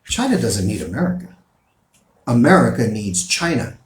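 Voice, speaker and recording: A man's voice: medium pitch, big pitch swings, normal speed, echoey room. A man giving opinion commentary, reading out news articles and pressing his points emphatically. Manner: emphatic, rising and falling in bursts.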